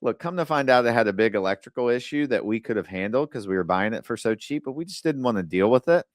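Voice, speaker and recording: A man hosting a podcast, giving casual advice in a blunt, animated way with the odd curse word, acting out other people's lines in quick asides. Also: mid-range voice, no echo, clean studio sound. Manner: blunt, animated storytelling with occasional swearing. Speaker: podcast host.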